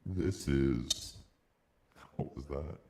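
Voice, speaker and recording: A man through a very deep voice-changer filter. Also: very slow, mellow, heavily acted. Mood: mock-suave. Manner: joking, mock-seductive. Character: deep "male voice" preset of a mic voice changer. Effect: pitch-lowering voice changer.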